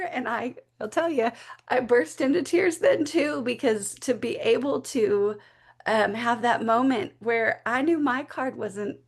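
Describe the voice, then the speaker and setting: A woman guest in an interview telling a candid, emotional personal story in an animated way. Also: fairly high pitch, measured pace, creaky, husky. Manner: acts out voices when quoting people.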